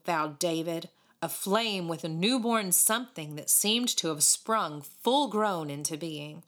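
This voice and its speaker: A woman narrates a storybook with a lot of movement in her voice, rising and falling through each sentence. Her voice sits on the low side, and her reading is animated and expressive. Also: measured pace. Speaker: audiobook reader.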